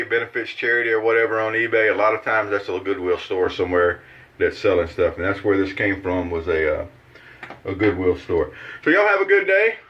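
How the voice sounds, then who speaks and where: A low-voiced host shaves at his bathroom sink, chatting in a loose, folksy style full of fillers as he explains his process. The recording lacks high frequencies.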